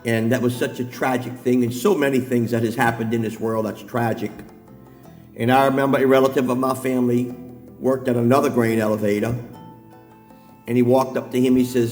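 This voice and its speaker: A middle-aged man preaching a sermon, moving from calm talk to shouted, near-sung preaching. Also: mid-range voice, moderate pace. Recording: long hall reverb, faint music behind.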